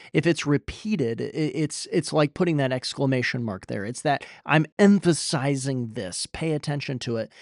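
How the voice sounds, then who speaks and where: A man's voice: mid-range voice, gravelly, darkish tone, no echo, studio quality. A young man from Iowa preaching a sermon, earnest and emphatic, his voice rising when he pleads. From Iowa, USA. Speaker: pastor.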